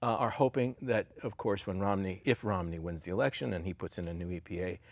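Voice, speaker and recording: A former politician in his sixties, with a deep, creaky voice, tells stories quickly in an interview captured in a dry recording. He is animated, laughs often, and acts out the voices of the people he quotes.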